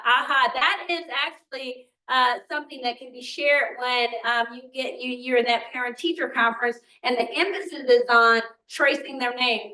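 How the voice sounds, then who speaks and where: Older woman, workshop presenter, high bright voice, animated, echoey room. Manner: animated, asks the audience questions, acts out quotes. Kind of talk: live presentation to parents. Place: meeting room.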